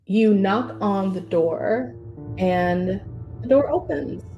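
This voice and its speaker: A woman's voice: mid-range voice, takes it slowly, dull audio, soft background music. A woman running a tabletop game as game master, narrating in a rambling, casual way and laughing often.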